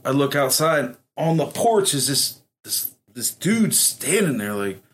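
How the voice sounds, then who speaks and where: A man telling a story in a casual podcast chat, animated and profane, often laughing. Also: a little high, measured pace. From Ohio, USA. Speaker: podcast guest.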